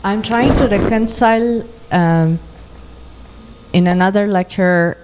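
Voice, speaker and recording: A woman's voice: mid-range voice, slow, in a large hall, background noise. A woman in the audience asking a hesitant question with fillers.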